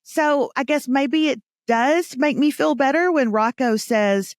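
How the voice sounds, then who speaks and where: A woman's voice: high voice, unhurried, hardly any pauses, no room sound, clean studio sound. A woman hosting a podcast, talking in a candid, chatty way. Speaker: podcast host. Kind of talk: casual chat.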